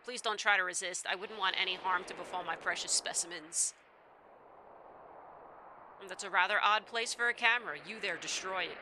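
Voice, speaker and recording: A woman's voice: fairly low pitch, normal speed, noisy background, close to an everyday voice. A woman voicing a sly, menacing male scientist villain, reading his lines smugly and gloatingly.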